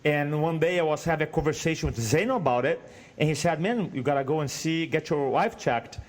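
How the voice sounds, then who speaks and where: A man from Brazil speaks with a Brazilian Portuguese accent and a fairly high voice. He tells a personal story as a podcast guest, earnest and animated. He is in his thirties. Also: brisk. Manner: earnest, animated retelling with acted quotes. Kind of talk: storytelling interview.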